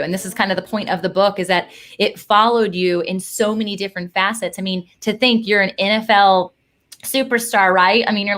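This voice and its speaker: A woman's voice: mid-range voice, fairly bright tone. A woman hosting a podcast in a casual interview, encouraging her guest with frequent affirmations. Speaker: podcast host.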